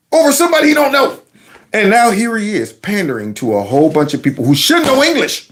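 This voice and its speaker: Animated, mocking male commentator. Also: high voice, moderate pace. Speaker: commentary channel host. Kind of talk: political commentary vlog.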